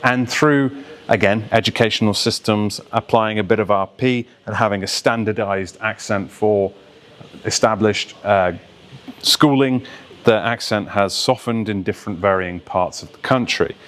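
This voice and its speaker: A man's voice: lowish voice, fairly even intonation, a little slow, a bit bright. A man working as a voice coach, explaining accents and diction in an instructive way and now and then mimicking accents to make a point.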